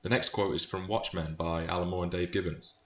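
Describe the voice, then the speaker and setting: A man's voice: deep voice, fairly even intonation, a little fast, a bit bright. A British man chatting about favourite book quotes in a thoughtful, casual way, often restarting phrases. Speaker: book vlogger. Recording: echoey room, faint noise.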